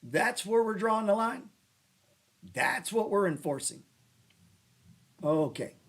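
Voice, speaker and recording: A man hosting a casual stock trading show, rambling and cursing as he talks through charts and breaks into loud rants. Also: high-pitched, expressive, takes it slowly. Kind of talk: casual livestream chat over stock charts. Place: lives in New Orleans.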